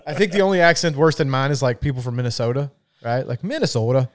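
A man's voice: a little high, fast. Laid-back Southern man, casual chat. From American South. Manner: laid-back, swears freely, laughs often. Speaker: podcast co-host.

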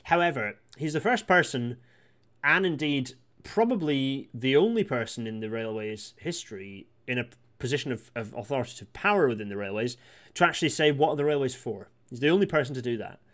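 Man, rapid delivery, mid pitch, casual live-stream commentary, chatty asides. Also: animated, a bit bright. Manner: rapid, with many restarts and asides. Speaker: host of a live read-through.

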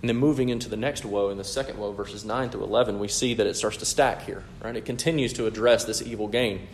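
A man's voice: on the low side, fairly even intonation, fast talker, slight background noise. A man preaching an expository sermon in an emphatic, explanatory way, often checking in with "right?".

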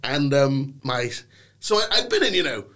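A young man from England chatting as a podcast guest. His voice is bright and forceful, and his pitch swings widely as he tells stories with a theatrical, playful manner. He sits in the middle of the male range. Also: moderate pace. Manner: theatrical, animated storytelling with playful put-on voices. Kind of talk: casual chat.

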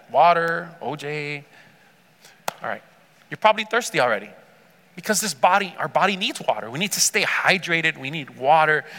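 High-voiced animated preacher man. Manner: animated storytelling, acting out Bible characters; engages congregation with call-and-response. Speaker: pastor. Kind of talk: sermon. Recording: reverberant church hall.

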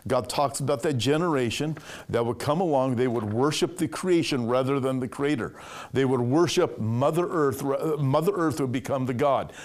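A man's voice: mid-range voice, moderate pace, a little mellow. A man preaching an emphatic prophecy sermon as a pastor, reading news quotes aloud and commenting on them. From California.

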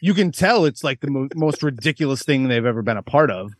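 A man's voice: medium pitch, a little fast, dry recording, studio quality. A man co-hosting a podcast, telling crude stories in casual chat with a lot of laughter. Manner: crude, animated storytelling with frequent laughs. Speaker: podcast co-host.

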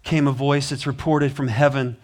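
A man's voice: medium pitch, flat delivery, moderate pace. A man preaching a sermon in a church, telling a story with rising, emphatic passion. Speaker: pastor. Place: church sanctuary.

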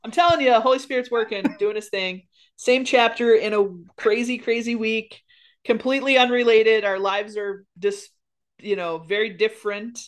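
A woman's voice: on the high side, moderate pace. A woman co-hosting a casual faith podcast, earnest and encouraging, rambling a little with restarts. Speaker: podcast co-host.

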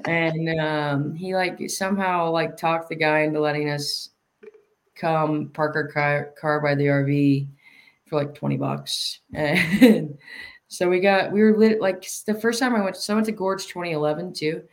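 Gravelly guy rambling thru stories, laughs a lot, super casual. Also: on the high side, steady tone, unhurried. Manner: rambling storyteller, laughs often. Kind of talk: casual chat.

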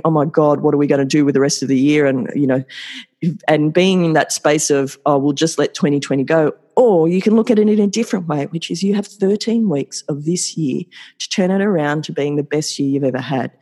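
A man's voice: a little high, a little mellow. A man hosting a solo podcast, talking in an upbeat, effusive and motivational way and repeating words for emphasis. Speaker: podcast host.

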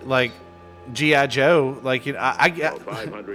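A man's voice: medium pitch, unhurried, over music. A man chatting casually on a podcast, enthusiastic and swearing freely, humming old theme tunes. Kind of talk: casual chat.

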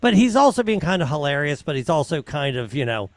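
A man's voice: on the high side, fast talker, dry recording, clean studio sound. A man co-hosting a podcast, telling family stories with plenty of laughter. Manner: animated storyteller, laughs often. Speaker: podcast co-host. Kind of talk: casual chat.

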